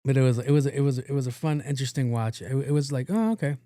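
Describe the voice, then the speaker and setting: A man's voice: medium pitch, fairly even intonation, quick pace, dark tone, no echo, studio quality. A man hosting a podcast, recapping a movie in a rambling, profane, casual way and acting out the characters' lines. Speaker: podcast host.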